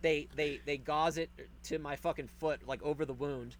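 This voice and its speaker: A man telling a story in casual podcast chat, animated and profane, acting out the people in it. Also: on the high side, normal speed, slight background noise. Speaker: podcast host.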